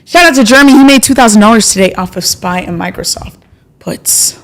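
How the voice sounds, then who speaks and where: A young adult woman hosting a live stream about stock trading, talking casually and playfully, with sudden bursts of excitement as she thanks her subscribers. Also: medium pitch, a little fast. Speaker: livestream trading host.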